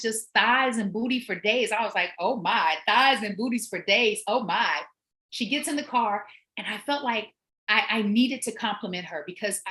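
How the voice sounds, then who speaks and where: A middle-aged woman hosting her own show, telling a story as a personal trainer, animated and emphatic and repeating words for effect. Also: fairly high pitch. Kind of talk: storytelling monologue.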